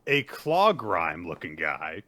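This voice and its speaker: A man's voice: low voice, very animated, slow pace, bright, forceful tone, dry recording. A man co-hosting a casual podcast, animatedly retelling chapters and acting out the characters' lines. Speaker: podcast co-host recapping manga. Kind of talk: casual chat.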